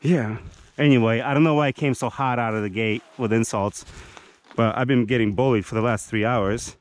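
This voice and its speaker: A man's voice: medium pitch, fairly even intonation, moderate pace. A man hosting a casual camping vlog in a forest, teasing his friends and talking in a rambling, joking way. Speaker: vlogger. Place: outdoors in a forest campsite.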